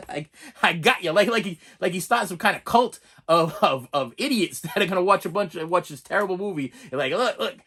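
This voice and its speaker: Guy ranting about a bad movie, kinda high voice, super animated, rambles and repeats stuff. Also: brisk, few pauses. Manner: animated, rambling, repeats words, laughs often. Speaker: movie reviewer. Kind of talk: casual ranting review.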